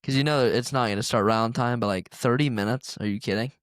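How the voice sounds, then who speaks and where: A man's voice: mid-range voice, fast talker, dry recording, clean studio sound. A young man co-hosting a podcast, telling a story in a rambling, casual way full of fillers. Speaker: podcast co-host. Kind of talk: casual chat.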